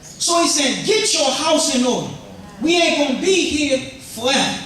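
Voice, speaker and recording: A male pastor preaching an animated sermon with call-and-response. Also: extremely high pitch, moderate pace. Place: church sanctuary. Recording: echoey church from far off, congregation audible.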